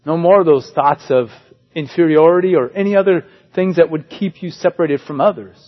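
A man's voice: on the high side, brisk, muffled recording. A man preaching a sermon as pastor, in a conversational way with joking asides.

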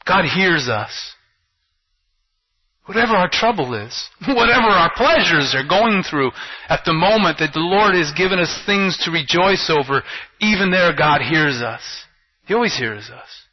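Man preaching, husky voice, fairly high, rhetorical questions, loud then hushed, dull lo-fi sound. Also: very animated, unhurried. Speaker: pastor. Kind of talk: sermon. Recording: dull lo-fi recording.

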